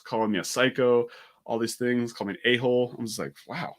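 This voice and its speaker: Fast-talking man in casual chat. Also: medium pitch. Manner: fast, animated, many "like" fillers. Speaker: podcast co-host.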